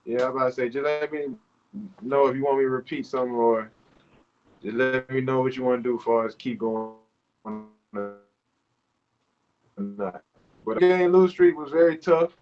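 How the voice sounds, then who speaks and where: A man in his thirties, a basketball player playing overseas, talking casually in an interview over a video call, relaxed and rambling with lots of fillers. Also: mid-range voice, normal speed, pauses often, dull audio, faint music behind. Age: 30s.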